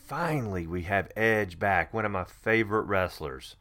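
A man's voice: fairly low pitch, moderate pace, few pauses, sharp tone. A middle-aged man co-hosting a podcast, giving wrestling predictions in an emphatic, enthusiastic way with frequent restarts. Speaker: podcast co-host. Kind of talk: casual wrestling prediction chat.

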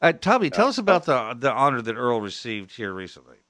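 A male radio host from Texas chats in a folksy, easygoing way, with chuckles scattered through his talk. His voice sits at a medium pitch. It is recorded close on a studio mic with a dry, dead sound. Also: very animated, brisk, fairly bright tone, dry recording. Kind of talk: radio talk show chat.

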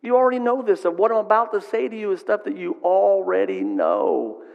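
A man's voice: sits high, expressive, brisk, gravelly, lo-fi sound. Middle-aged male pastor preaching, echoing hall. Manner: conversational, asks the crowd "right?". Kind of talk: sermon.

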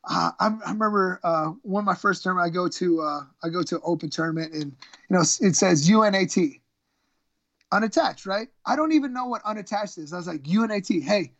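High-pitched, brisk and creaky, with a slightly bright tone, a middle-aged ex-college wrestler spins stories as a guest in a casual interview. Self-deprecating and meandering, he keeps restarting and leaning on fillers. There's no room sound.

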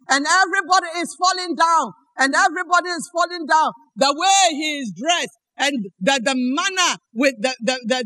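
A woman pastor preaching a sermon, emphatic, often shouting and repeating her lines. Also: high-pitched, no echo, poor audio. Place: church.

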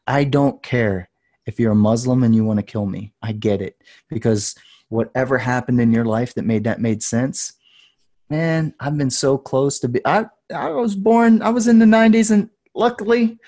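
Man in his thirties, mellow low-key tone, earnest and intense guest storyteller. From United States. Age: 30s. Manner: earnest, intense, rising to loud passion. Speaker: podcast guest. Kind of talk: casual storytelling.

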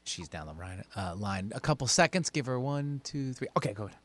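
A man helping run a call-in radio show, brisk as he manages callers. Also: medium pitch, expressive, a bit bright, no echo.

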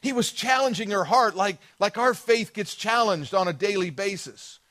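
High-voiced man preaching a sermon. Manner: earnest, expressive preaching with slow emphatic pauses. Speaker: pastor.

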